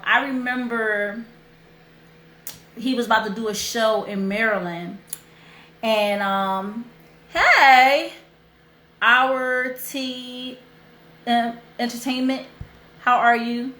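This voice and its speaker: A young woman hosts a casual livestream, her fairly high voice carrying a story with open emotion. She talks in a chatty, heartfelt way and circles back to repeat what matters. The sound is roomy, with a clear echo around her. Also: steady tone, extremely slow, pauses often, sharp tone, a little hiss or hum. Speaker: host.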